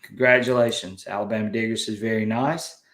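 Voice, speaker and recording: A man's voice: medium pitch, moderate pace, roomy sound. Southern man hosting a casual livestream. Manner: folksy, upbeat, reads viewer comments aloud. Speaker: livestream host. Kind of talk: casual live chat.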